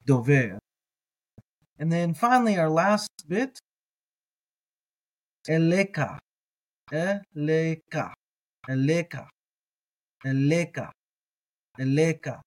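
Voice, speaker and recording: A man teaching a reading lesson, patiently repeating each word slowly for listeners to echo. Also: a little high, expressive. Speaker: language teacher.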